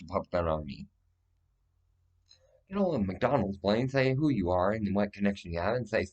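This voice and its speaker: A man's voice: fairly low pitch, very animated, normal speed, long pauses, darkish tone. A man talking straight to the camera in a rambling vlog monologue, swearing heavily and breaking into agitated outbursts.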